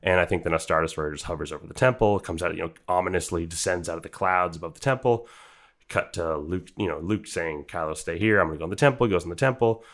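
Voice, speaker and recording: A man with a very deep, low voice talks quickly as he discusses a film with friends on a podcast he co-hosts. His take is analytical yet loose, full of fillers and restarts as he builds his argument in this casual conversation.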